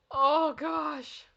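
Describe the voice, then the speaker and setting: High, gravelly and bright, her voice has a forceful tone, with the highs cut off in the recording. As a livestream host, she reads funny signs out loud, giggles playfully, laughs a lot and responds to her chat in a casual stream.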